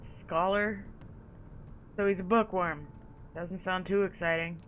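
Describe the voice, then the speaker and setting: A woman's voice: on the low side, fairly even intonation, takes it slowly, a little hiss or hum, poor audio. A woman voicing a sarcastic young male vampire. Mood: defiant. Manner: sarcastic, defiant.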